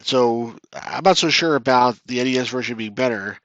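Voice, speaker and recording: A man livestreams a retro strategy game, casually commenting, reading chat aloud, and joking about his own losses. His mid-range voice is fairly bright and moves at a moderate pace, with no room sound and the highs cut off.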